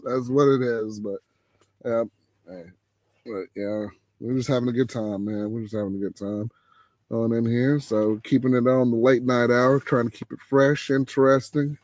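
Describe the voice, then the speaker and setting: A man hosting a casual late-night chat, animated, his voice leaping high when he gets excited. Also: no room sound. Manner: animated, exclaims with big pitch jumps when excited. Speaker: podcast host.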